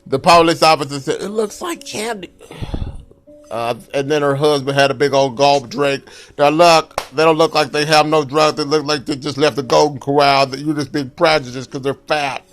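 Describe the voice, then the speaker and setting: A man doing a stand-up comedy set, telling loose, rambling stories full of "you know" and jumping into a shrill falsetto wail for panicked bits. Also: steady tone, a little fast, hardly any pauses, fairly bright tone.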